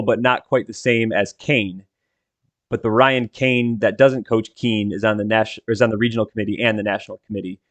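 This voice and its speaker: A man's voice: lowish voice, no echo. A man with a Michigan accent co-hosting a sports podcast, thinking aloud with many hedges and fillers. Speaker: podcast co-host, poll voter. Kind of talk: casual sports podcast chat.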